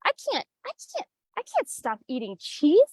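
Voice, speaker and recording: A woman's voice: wildly swooping pitch, dry recording. A woman putting on a whiny cheese-loving woman. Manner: high, fast, panicky whining. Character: whiny adult woman refusing to give up cheese.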